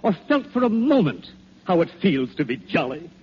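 An actor playing a patient, persuasive old Santa Claus, speaking calm, coaxing rhyming verse in 1940s radio acting. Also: male voice, fairly high pitch, moderate pace, slightly rough, exaggerated voice. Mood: wistful. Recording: dull, faintly hissy old radio recording.

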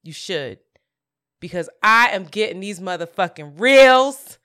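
A woman co-hosting a podcast, telling stories in a lively, animated way and laughing often. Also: medium pitch, a little slow, clean tone. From Philadelphia area. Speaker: podcast co-host. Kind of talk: casual chat.

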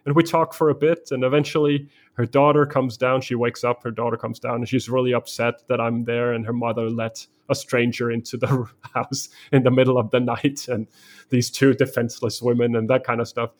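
A man's voice: mid-range voice, level tone, fairly quick. A man from Denmark, a guest in a conversation, telling a story vividly in the present tense.

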